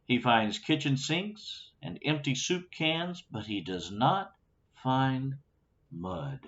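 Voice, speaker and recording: A man reading a children's story aloud, with lively storytelling and little asides, on a dull lo-fi recording. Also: medium pitch, slow. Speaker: storybook reader.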